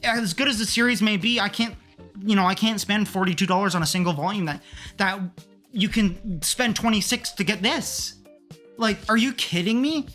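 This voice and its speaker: Bright-voiced excitable man ranting. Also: sits high, normal speed, soft background music. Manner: excitable, swears freely, gets heated ranting. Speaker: manga collector vlogger. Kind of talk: casual haul vlog.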